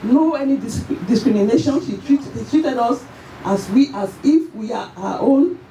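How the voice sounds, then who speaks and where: A Nigerian woman giving an emotional tribute at a memorial service, her voice shaking as she tells the story in halting, repeated phrases. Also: a little high, animated, mellow. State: tearful, voice shaking. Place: church or event hall at a memorial service. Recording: echoey hall, far from the mic, faint noise.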